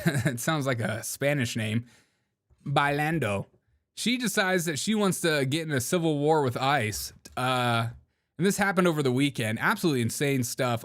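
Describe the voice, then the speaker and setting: A man's voice: fairly high pitch, a bit bright. Joking male commentary host. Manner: joking, laughs often, mock-quotes people. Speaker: show host. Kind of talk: casual political commentary.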